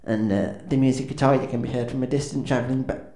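A man's voice: medium pitch, fairly even intonation, fast, dark tone. Awkward rambling man, echoey room. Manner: awkward, self-deprecating, hesitant with many ums and restarts. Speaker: comedic frontman of a band. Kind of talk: rambling stand-up patter. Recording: echoey room with faint ambience.

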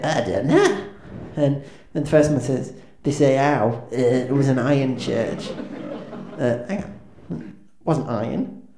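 A man's voice: medium pitch, dark tone. A man doing awkward, self-deprecating stand-up patter as a band's frontman, hesitating with lots of ums and restarts. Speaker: comedic frontman of a band. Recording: echoey room with faint ambience.

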